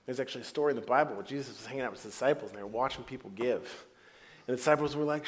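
A man preaching a sermon as pastor in a church, playful and animated, acting out the voices he quotes. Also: medium pitch, fast, long pauses. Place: church hall before a congregation.

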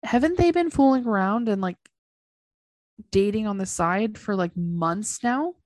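A woman's voice: medium pitch, animated, unhurried, a little mellow, no room sound. A woman co-hosting a podcast, casually recapping a TV episode point by point in a chatty, emphatic way. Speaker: podcast co-host.

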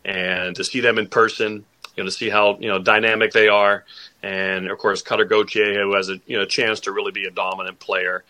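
A man's voice: lowish voice, flat delivery, fairly quick, sharp tone. A man who is a guest on a sports podcast, talking casually and rambling, with lots of fillers and restarts. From Boston area family.

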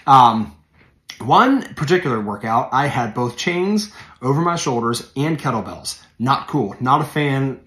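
A man's voice: medium pitch, fairly bright tone. Conversational man in an echoey room. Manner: conversational, many fillers and self-corrections, leans in on key phrases. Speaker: podcast host and preacher. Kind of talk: casual devotional podcast talk.

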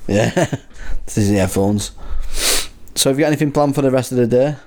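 A man's voice: mid-range voice, a little fast, darkish tone. A man with a Wigan accent hosting a casual podcast chat, joking and laughing often. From Wigan, England. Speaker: podcast host.

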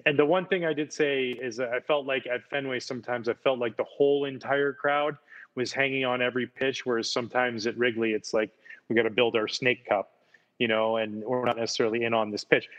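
A former ballplayer chats in an easygoing, enthusiastic way, doubling up words as he tells his stories. His voice sits at a middling pitch for a man. The recording is a bit dull and lo-fi. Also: a bit bright. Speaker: former baseball player, guest. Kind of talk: casual chat, storytelling.

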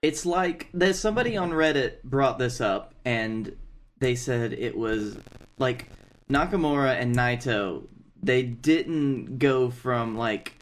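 A man's voice: medium pitch, slow pace. A man co-hosting a podcast in casual chat, talking hesitantly with many fillers. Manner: hesitant, lots of fillers and 'like'.

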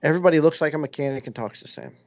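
A man's voice: on the high side, animated, rapid-fire, no room sound, muffled recording. A man co-hosting a podcast, easygoing with chatty asides. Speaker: podcast co-host. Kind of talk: casual chat.

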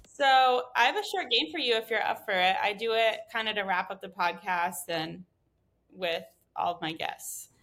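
A woman's voice: mid-range voice, normal speed, fairly bright tone, faint music behind. A woman hosting a food podcast, upbeat and giggly in casual interview chat. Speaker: podcast host.

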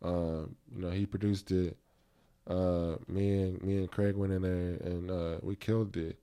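A man's voice: low voice, flat delivery, a little slow, dark tone, smooth. A man hosting a podcast in casual chat, reflective and rambling, with many fillers and restarts. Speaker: podcast host.

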